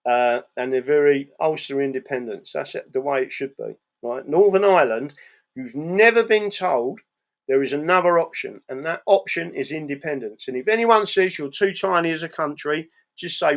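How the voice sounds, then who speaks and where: A man's voice: fairly high pitch, lively intonation, moderate pace. An English man hosting a live stream, talking bluntly, swearing and tagging his lines with "right?". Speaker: channel host reading live chat. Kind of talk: casual live-stream monologue.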